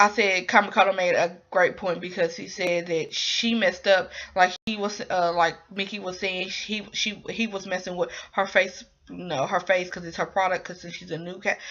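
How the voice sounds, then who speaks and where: Young woman rambling thru a show recap, lots of um and like, bright voice, kinda dull lo-fi sound. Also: medium pitch. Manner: rambling, full of ums and likes. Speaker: drama recap vlogger. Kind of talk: casual spoken recap. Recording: dull lo-fi recording.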